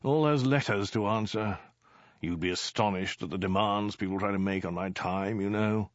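Man doing a warlord king, self-absorbed, rambling excuses, low-pitched, lo-fi sound. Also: normal speed, no echo, natural voice. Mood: dithering. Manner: vague, rambling excuses with mild hesitations.

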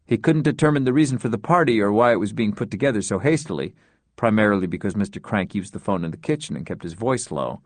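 A man narrating an audiobook in a wry, measured storytelling manner. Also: lowish voice, animated, dry recording. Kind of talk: scripted narration.

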